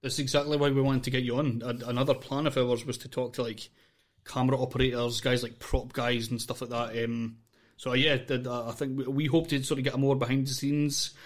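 A man's voice: mid-range voice, level tone, fairly quick. A man hosting a podcast, explaining his plans in a casual, rambling way full of fillers. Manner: rambling, hesitant, many fillers. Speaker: podcast host. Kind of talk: casual interview chat.

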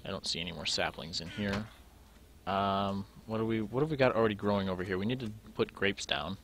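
A young let's play gamer thinks aloud while sorting items during a game, in a casual commentary style. His lowish, fairly bright voice moves a little fast, and there's slight hiss or hum on the recording.

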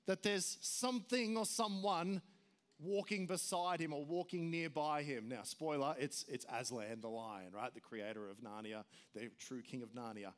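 Male pastor, relaxed conversational sermon, voice on the high side. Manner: casual, chatty, full of fillers and restarts.

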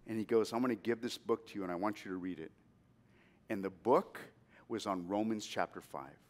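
A man in his fifties preaching a sermon as pastor, telling a personal story and asking the congregation to say amen. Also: fairly high pitch. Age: 50s. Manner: storytelling, drops to a hush then rises to emphatic calls; asks the congregation for responses.

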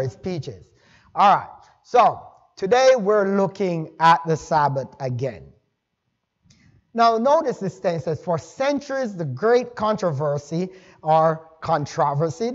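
High-voiced man preaching a folksy sermon. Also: lo-fi sound. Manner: conversational, folksy asides to the congregation. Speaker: pastor. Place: church sanctuary.

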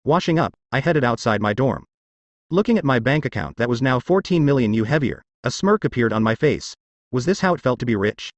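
A man's voice: medium pitch, no room sound, studio quality. A man narrating a fantasy web novel audiobook in the first person, with a wry, sardonic inner monologue.

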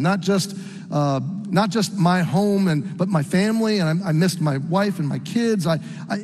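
A middle-aged man from the United States preaching a sermon as a story, earnest and halting with frequent restarts. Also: high-pitched, darkish tone, big-room sound. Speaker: pastor.

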